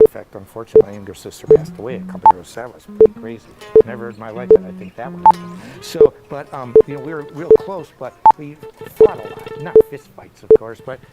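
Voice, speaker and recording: A man's voice: a little high, dull audio. A middle-aged man giving a guitar lesson in a casual, rambling way, full of anecdotes and asides. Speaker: guitar teacher. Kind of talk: casual one-on-one lesson talk. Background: loud electric guitar playing.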